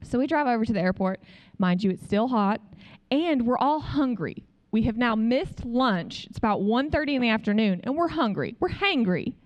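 A woman preaching in a conversational way, telling a personal testimony as an animated story and acting out what other people said. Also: on the high side, normal speed. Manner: frequent "like" fillers. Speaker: speaker sharing a testimony.

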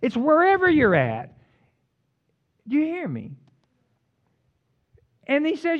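A man preaching a sermon as pastor, jumping between loud emphatic peaks and quiet, joking asides to the congregation. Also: very high voice, huge pitch swings, takes it slowly, lo-fi sound. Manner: humorous, teasing the congregation.

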